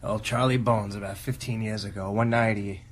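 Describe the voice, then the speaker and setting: A man voicing an old male gravekeeper with a Boston accent, telling a grisly tale slowly, with pauses and chuckles, recorded outdoors in a graveyard on a camera mic. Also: on the low side, steady tone, voice pushed down, natural voice. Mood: creepy drawl. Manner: drawling, pausing, chuckling storyteller. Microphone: handheld camera mic. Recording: loud hiss from a home camera tape.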